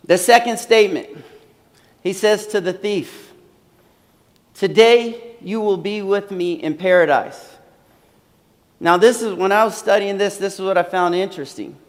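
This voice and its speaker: A man's voice: high-pitched, measured pace, long pauses. A man preaching a sermon earnestly, repeating phrases and using many fillers, in a large hall. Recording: long hall reverb.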